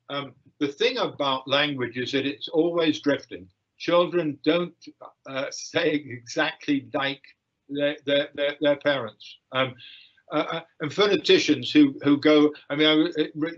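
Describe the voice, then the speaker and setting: An older man giving a lecture and answering questions, with frequent fillers, pauses and restarts. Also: fairly high pitch, a bit bright. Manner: hesitant, many fillers and restarts. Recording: dull lo-fi livestream audio.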